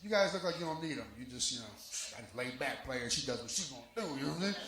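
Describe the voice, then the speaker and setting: A stand-up comedian tells raunchy, self-deprecating stories into a stage mic during a live set at a lounge. His medium-pitched voice is expressive and quick, and the lounge sounds echoey with background noise.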